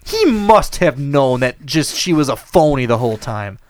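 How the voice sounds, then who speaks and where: A man hosting a podcast in casual chat, animated and rambling. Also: mid-range voice, normal speed. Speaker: podcast host.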